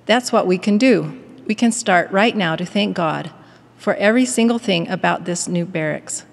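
A woman giving a prepared devotional address in a measured, earnest manner and reading a story aloud. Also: on the low side, creaky, in a large hall. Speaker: devotional speaker at a university.

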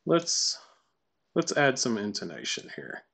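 A man walking through a software tutorial casually, thinking aloud and reading lines out to test them. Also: medium pitch, huge pitch swings, unhurried, vocal fry, husky. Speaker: tutorial presenter. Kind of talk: screen-recorded software tutorial.

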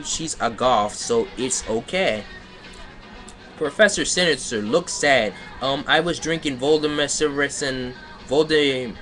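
A man's voice: medium pitch, sharp tone. A man giving a comedic reading of a badly written story, breaking off to mock it in sarcastic asides. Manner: sarcastic, breaks off to rant and laugh. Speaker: reader mocking a fan fiction. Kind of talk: comedic dramatic reading with commentary.

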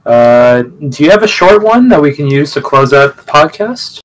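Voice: medium pitch, animated, normal speed. A podcast host in casual chat, mostly giving short reactions and asking questions. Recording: noisy background hiss.

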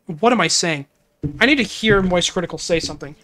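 A woman's voice: fairly low pitch, animated, fairly quick, a bit bright. A woman game streamer chatting casually on a livestream, giggly, rambling and easily flustered.

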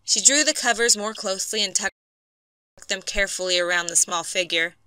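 A woman narrating an audiobook story for English learners in a clear, measured way on a close mic. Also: medium pitch, bright, forceful tone, no room sound.

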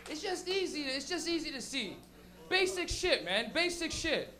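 A man doing a profane, animated stand-up routine at an open mic, acting out characters as he goes. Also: extremely high pitch, moderate pace, background noise. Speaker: stand-up comedian. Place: comedy open mic in a crowded apartment.

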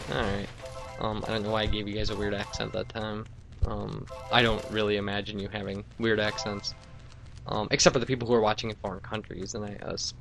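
A young man from Wisconsin giving rambling, chatty commentary while playing a game. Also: lowish voice. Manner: rambling, chatty, many fillers and asides. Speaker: let's play host. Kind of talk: casual gameplay commentary.

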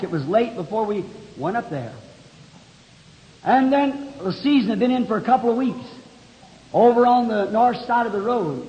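Very high-voiced preacher in an echoey hall. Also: male voice. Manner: folksy storytelling, plain country grammar. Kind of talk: sermon. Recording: dull, echoey 1960 hall recording.

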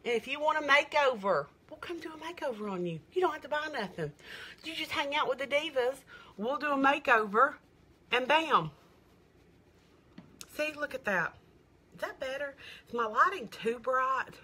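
A woman's voice: high-pitched, animated, moderate pace, pauses often, bright, forceful tone. A middle-aged woman, doing a chatty live makeup demo and sales stream, gushing and greeting viewers by name. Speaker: makeup seller.

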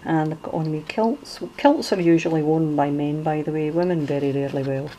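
Deep and mellow, a middle-aged woman's voice moves slightly fast as she chats about a junk journal she made, with many fillers and restarts. She is Scottish with a Glaswegian accent, and the rough recording has slight background noise.

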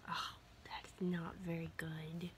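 A woman vlogging at home, half-whispering so she won't wake people and switching to a high sing-song voice when talking to her dog. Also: completely flat delivery, takes it slowly, slight background noise. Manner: often half-whispering to keep quiet. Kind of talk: casual home vlog talking to her pets. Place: home indoors.

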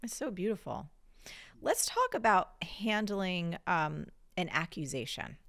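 Woman host, low voice, enthusiastic interviewer. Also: big pitch swings, a little slow. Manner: warm, enthusiastic praise. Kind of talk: interview questions.

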